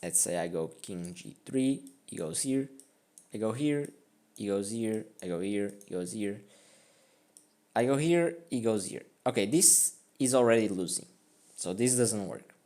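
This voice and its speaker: A man's voice: lowish voice, lively intonation, unhurried, mellow. Self-mocking man talking through a game. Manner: rambling and self-mocking, full of "like" and "I mean". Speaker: chess streamer reviewing his own game. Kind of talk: casual game commentary.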